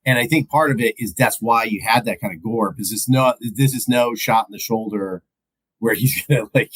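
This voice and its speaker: A man's voice: lowish voice, moderate pace, husky, low-quality recording. A man co-hosting a podcast, casually retelling movie scenes and laughing often. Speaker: podcast co-host. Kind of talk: casual movie recap chat.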